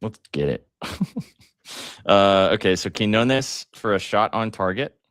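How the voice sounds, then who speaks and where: A deep-voiced man hosting a live betting stream, chatty and excitable, throwing in jokes and ums. The sound is close and dry, with no room around it. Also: a little slow, no room sound. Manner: excitable, joking, lots of fillers. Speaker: sports betting show host.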